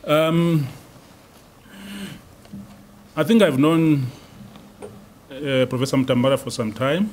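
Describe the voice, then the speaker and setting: A man's voice: mid-range voice, slow pace, long pauses, a little mellow, slight background noise. A man serving as acting dean, giving an unscripted response to a lecture and hesitating often with ums and uhs.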